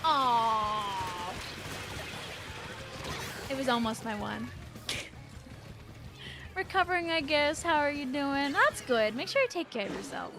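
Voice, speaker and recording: A woman's voice: sits high, big pitch swings, slow, long pauses, music in the background. A young woman streaming a video game, giggling and chatting with her viewers in a bubbly way. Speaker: streamer playing a shooter game. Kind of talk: casual live-stream commentary.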